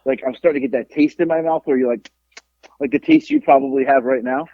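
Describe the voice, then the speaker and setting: Gravelly, animated man telling stories. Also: medium pitch, quick pace, dry recording. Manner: profane, animated, acts out the people in his stories. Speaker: podcast host. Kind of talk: casual storytelling chat. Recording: dull lo-fi podcast audio.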